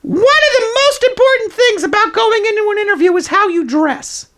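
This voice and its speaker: A man's voice: extremely high pitch, animated, normal speed, sharp tone, exaggerated voice. A man voicing a zany toilet paper roll puppet who gives over-the-top, mock-authoritative advice in an improvised comedy presentation. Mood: mock-serious.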